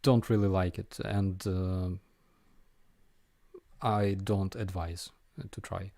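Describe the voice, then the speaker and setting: A man's voice: sits low, flat delivery, slow, gravelly, dark tone, no room sound. A man with a Ukrainian accent hosting a casual live viewer Q&A, hesitant with many fillers and restarts.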